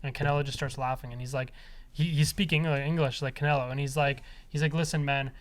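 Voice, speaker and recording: A man's voice: mid-range voice, fast talker. A man, co-hosting a podcast and telling a story animatedly. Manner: animated storytelling, laughing, quoting others. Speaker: podcast co-host. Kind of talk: casual chat.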